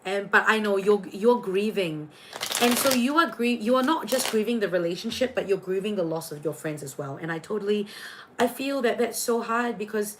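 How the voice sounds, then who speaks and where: A young woman with a Singaporean accent chats casually on a livestream from her room. Her voice sits at a middling pitch, and she gushes along with plenty of fillers and false starts. A faint hiss runs underneath. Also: expressive, normal speed. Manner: chatty, gushing, heavy on fillers and restarts. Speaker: tarot reader and livestream host.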